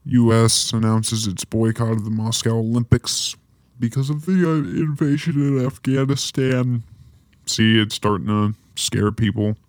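A man hosting a podcast gives a casual rundown of history, reading a timeline and dropping in offhand jokes. His mid-range voice is unhurried and a little mellow, with no room sound.

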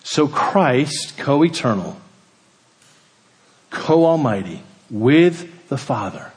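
A male pastor delivers a sermon at an unhurried, deliberate pace. His voice sits at a middle pitch, climbs on the words he wants to stress, and sinks low and soft at the end of a thought. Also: expressive, in a large hall. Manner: measured preaching, rising for emphasis then dropping to a hush.

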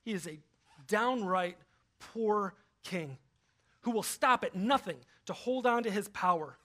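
A male pastor preaching a sermon in an animated style, swinging between loud emphasis and quiet asides. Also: high voice, a little slow.

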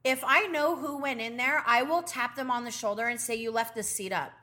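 Blunt, foul-mouthed middle-aged female co-host, bright voice that acts out the people she quotes. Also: fairly high pitch, fairly quick. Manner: blunt, profane storytelling. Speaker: podcast co-host. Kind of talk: casual chat.

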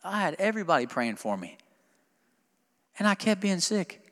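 Bright-voiced man preaching in a hall. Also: very animated, moderate pace. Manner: rises to loud, high preaching then drops to soft, low speech. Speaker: pastor. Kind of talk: sermon.

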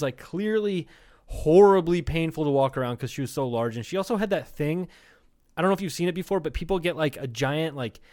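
A man's voice: fairly high pitch, a little mellow. A young man co-hosting a comedy podcast, telling a rambling, profane story in casual chat. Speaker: podcast co-host.

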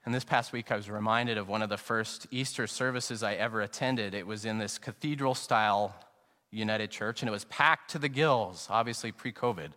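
A middle-aged male pastor preaching an earnest, reflective sermon, slowing down to stress key phrases. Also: fairly low pitch, sharp tone. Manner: earnest and reflective, anecdotal, slows down for emphasis. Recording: long reverb, sanctuary acoustics.

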